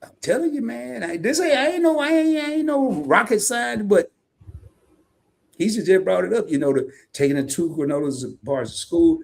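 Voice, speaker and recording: Animated Southern man hosting a live chat. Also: sits high, moderate pace, creaky. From American South. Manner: animated, folksy, jokes and reads chat comments aloud. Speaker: co-host of a live stream. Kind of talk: casual live-stream chat.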